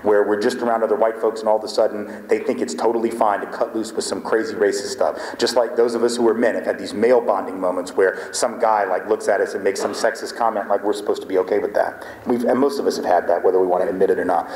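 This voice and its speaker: Talking fast with barely any pauses, this man has a low, steady, darkish voice. As a guest speaker in an echoey lecture hall with long reverb, he animatedly tells a story to the audience, acting out dialogue and frequently asking "right?"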